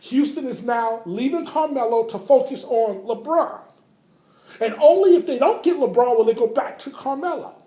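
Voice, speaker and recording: A woman's voice: on the high side, lively intonation, normal speed, mellow. A woman hosting a sports talk show, giving an emphatic, opinionated commentary monologue that hammers points home and calls her listeners "folks.". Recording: roomy echo.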